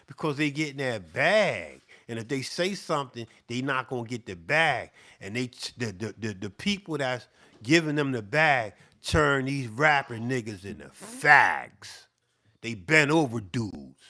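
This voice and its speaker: A man's voice: medium pitch, animated, a little slow, bright, forceful tone. A middle-aged man ranting off the cuff to camera, profane and repetitive, sweating and worked up. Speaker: beatmaker. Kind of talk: heated off-the-cuff rant to camera.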